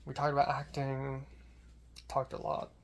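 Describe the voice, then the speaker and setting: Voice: medium pitch, monotone, measured pace, vocal fry. A young adult student filmmaker telling a casual vlog story in a rambling way, full of fillers and restarts.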